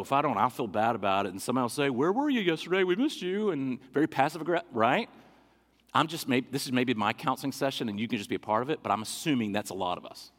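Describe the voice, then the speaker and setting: A man's voice: on the high side, big-room sound. A man preaching a sermon as pastor, talking to his congregation conversationally and throwing direct questions at them.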